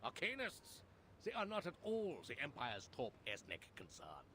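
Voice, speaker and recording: A man's voice: mid-range voice, huge pitch swings, moderate pace, bright, forceful tone, husky, heavily acted. An actor with a British accent playing a smug, glib male city official in a game cutscene, self-satisfied and condescending, over game audio with an ambient bed behind him. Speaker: head of a city branch office.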